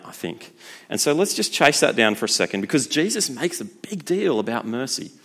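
Man preaching, casual and lively, mid-pitched voice. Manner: conversational, lively, acts out voices. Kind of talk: sermon.

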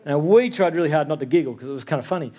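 Guy in his 30s giving a chatty church sermon, bit higher voice, keeps asking yeah?. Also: rapid-fire, warm tone. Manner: conversational, tag questions like "yeah?". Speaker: pastor.

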